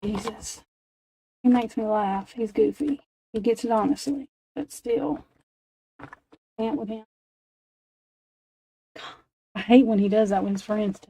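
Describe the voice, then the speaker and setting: A woman in her forties hosts a late-night livestream, her fairly high, warm voice unhurried and broken by frequent pauses. She tells rambling, profane stories and laughs often, on a rough recording with a little hiss or hum.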